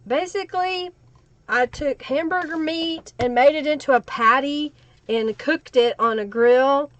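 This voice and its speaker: Oklahoma southern lady crafting live, high voice, dry close sound, chatting with the viewers. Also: unhurried, no echo, dull audio. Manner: chatty, reads and answers viewer comments, laughs often. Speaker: livestream crafting host. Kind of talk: casual live-stream chat while crafting.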